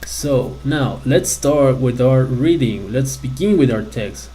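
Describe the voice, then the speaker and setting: Slow, mellow-voiced male ESL teacher. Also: mid-range voice, expressive, poor audio. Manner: slow, patient explaining with frequent check-ins. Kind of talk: classroom lesson.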